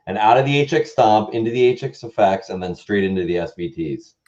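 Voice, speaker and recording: A man's voice: on the low side, animated, a little fast, a little mellow, muffled recording. A man co-hosting a casual livestream chat, rambling and easygoing.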